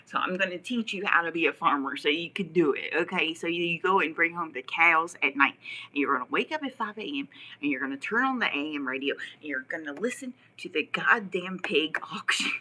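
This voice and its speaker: Woman livestreamer with a bright, tense, husky voice. Rambling and profane, mocking, often slipping into whispers. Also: low-pitched, animated, fairly quick, rough recording. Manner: profane and mocking, often drops to a whisper, laughs mid-sentence. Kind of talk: rambling live-stream rant.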